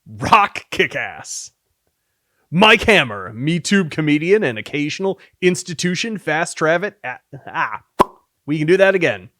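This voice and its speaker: Slow, lively-pitched man reading names. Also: dry recording, clean studio sound. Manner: reads names with theatrical swings, sometimes mock-dramatic. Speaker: game developer reading viewer names. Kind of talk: playful devlog reading.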